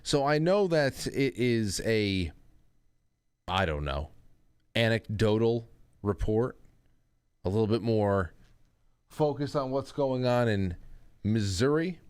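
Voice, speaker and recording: A man's voice: on the low side, animated, takes it slowly, long pauses, a little mellow, smooth, dry recording. A man hosting a casual talk show, rambling with restarts and asides. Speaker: host.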